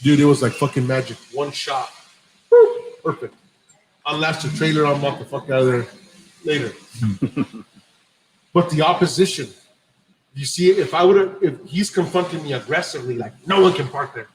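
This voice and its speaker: A man's voice: a little high, moderate pace, long pauses, a little hiss or hum, rough recording. A man hosting a podcast, telling a long profane story in a casual way and acting out the dialogue. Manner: profane, animated anecdote-telling with quoted dialogue. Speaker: podcast host.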